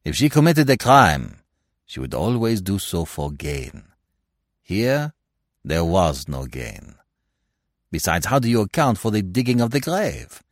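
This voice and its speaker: A fussy, self-assured older Belgian detective , as a male narrator puts him on, lecturing with precise logic and brushing off sentiment. The voice sits deep and swings widely in pitch. It is recorded dry and close. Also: sing-song, a little slow, no room sound, exaggerated voice. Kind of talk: audiobook character reading.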